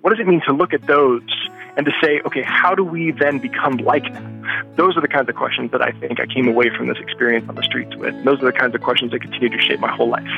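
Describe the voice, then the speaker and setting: A man's voice: mid-range voice, steady tone, rapid-fire, creaky, faint music behind. A man being interviewed, telling his story earnestly and sometimes searching for words. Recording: slightly dull dry recording.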